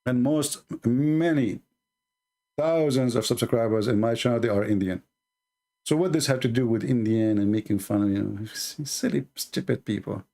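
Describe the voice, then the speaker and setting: A man's voice: medium pitch, normal speed, creaky, dark tone. A man hosting his channel, ranting at viewers in a combative, sarcastic and insulting way. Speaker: channel host. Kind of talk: angry rant to viewers.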